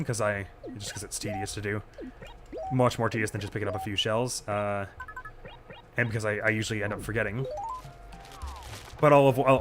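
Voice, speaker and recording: A man chatting away over his gameplay, chatty and self-deprecating, with frequent small laughs. His voice is bright and forward, with faint music in the background. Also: fairly low pitch. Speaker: streamer. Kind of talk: casual gameplay commentary.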